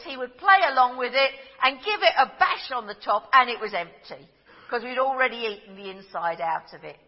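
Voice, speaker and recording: A middle-aged woman, preaching a sermon in a gentle storytelling manner that drops to a hush at tender moments. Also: high voice, long reverb tail, dull audio.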